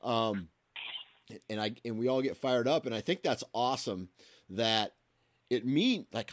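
A male podcast host chatting casually and enthusiastically with a guest. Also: dry recording. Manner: enthusiastic, friendly, swinging pitch. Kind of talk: casual interview chat.

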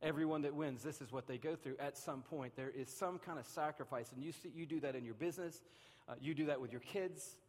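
A man preaching a sermon to his church, animated and swinging between loud and hushed delivery, acting out little voices. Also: fairly high pitch, fairly quick. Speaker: pastor. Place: large church hall. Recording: long hall reverb.

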